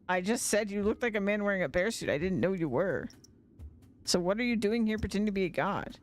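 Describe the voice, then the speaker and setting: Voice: medium pitch, fast talker. A streamer chatting casually while playing a fantasy game live, teasing the characters. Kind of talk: casual gameplay livestream.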